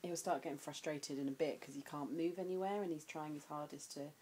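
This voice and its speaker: Chatty mum vlogging at home. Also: female voice, steady tone, a little fast, dark tone, a little hiss or hum, poor audio. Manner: chatty, switches to high sing-song baby talk. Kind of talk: casual vlog chat.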